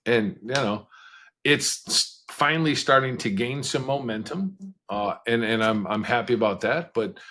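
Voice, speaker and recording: A man being interviewed on a podcast, recounting his life in a plain, frank voice. His pitch sits in an ordinary middle range. He talks conversationally, picks up speed in quick bursts, and laughs now and then. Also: pushed and bright, slight background noise. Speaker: podcast guest, author. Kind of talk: candid storytelling interview.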